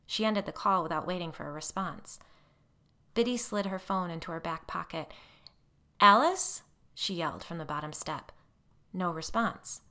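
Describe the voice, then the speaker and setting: A woman narrating a story in a measured, steady way. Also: on the low side.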